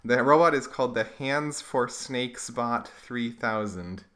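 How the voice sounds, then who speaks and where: A man's voice: mid-range voice, measured pace, bright, forceful tone. A man giving sarcastic, comedic commentary as he reads through comics he drew as a kid. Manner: wry, sarcastic. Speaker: YouTuber reading his own childhood comics.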